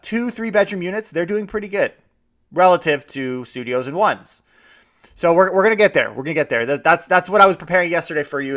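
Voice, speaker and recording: A man's voice: a little high, a bit bright. A man hosting a podcast, talking in a chatty, enthusiastic way with frequent restarts. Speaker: podcast host. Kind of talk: casual podcast commentary.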